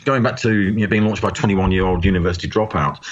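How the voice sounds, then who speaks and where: A very deep-voiced man answering interview questions as a guest author. He explains step by step and stumbles over repeated words as he starts. The audio is dull and lo-fi. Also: fast.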